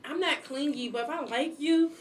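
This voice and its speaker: A woman in her twenties co-hosting a casual podcast chat, talking quickly and animatedly, laughing often. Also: sits high, crowd noise. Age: 20s. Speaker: podcast co-host.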